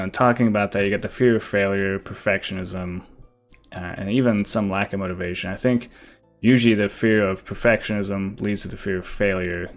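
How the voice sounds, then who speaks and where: A young man streaming a card game, thinking aloud and reading card text with many fillers. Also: low-pitched. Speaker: gaming streamer. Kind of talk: casual gameplay commentary.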